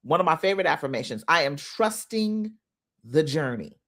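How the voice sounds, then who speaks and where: A middle-aged woman, giving a motivational talk on a phone livestream, emotional and quick to laugh. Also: low-pitched, big pitch swings, a bit bright. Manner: laughs often, preachy, emotional. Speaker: inspirational speaker.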